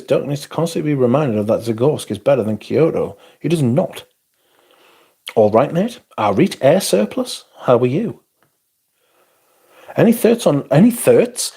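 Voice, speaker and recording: Husky, sweary man. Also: mid-range voice, darkish tone. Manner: sweary, rambling, loose. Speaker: livestream host. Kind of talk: casual chat reading out viewer comments.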